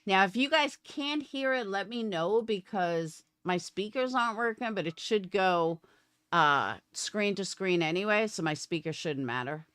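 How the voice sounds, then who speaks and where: A woman's voice: mid-range voice, animated, measured pace, fairly bright tone, smooth, dry recording, studio quality. A woman live streamer ranting at her viewers, profane and combative. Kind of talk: livestream rant.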